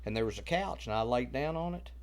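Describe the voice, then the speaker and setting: A man's voice: medium pitch, animated, quick pace. A man co-hosting a family podcast, joking, teasing and telling his own childhood story with lots of laughs. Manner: jokey, laughs a lot, teasing. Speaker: podcast co-host. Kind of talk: casual chat and storytelling.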